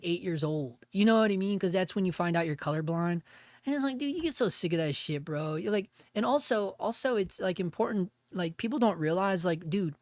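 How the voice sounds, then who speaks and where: A man's voice: high voice, no room sound, clean studio sound. A man hosting a livestream, chatting casually and rambling as he teaches camera exposure, with lots of slang fillers. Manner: loose, rambling, heavy on filler slang like bro and dude. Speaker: livestream host, cinematographer.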